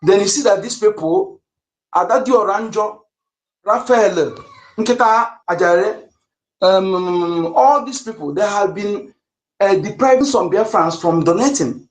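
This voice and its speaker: A man's voice: high-pitched, expressive, measured pace, reverberant, low-quality recording. A man speaking heatedly and emphatically on an online audio space, repeating himself as he makes accusations.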